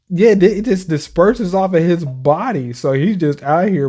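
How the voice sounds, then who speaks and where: Brief: young adult man, manga reaction commentator, animated slangy delivery, slightly high-pitched. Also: measured pace, a little hiss or hum. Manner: animated, reads panels aloud with slang and laughs.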